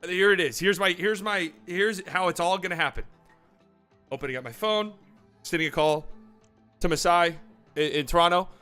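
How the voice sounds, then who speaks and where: A man hosting a casual livestream, talking excitably and swearing freely as he acts out mock phone calls. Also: sits high, normal speed, pauses often, clean tone, faint music behind. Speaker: livestream host.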